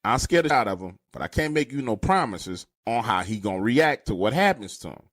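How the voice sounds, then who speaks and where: A man voicing a calm, menacing street tough who makes low threats. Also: brisk, no echo, clean studio sound.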